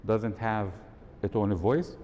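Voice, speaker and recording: Through a muffled recording with long hall reverb and a faint rumble, a mellow male voice speaks a little slowly. He's the workshop speaker at a live event hall talk, quizzing the audience and demonstrating tones of voice.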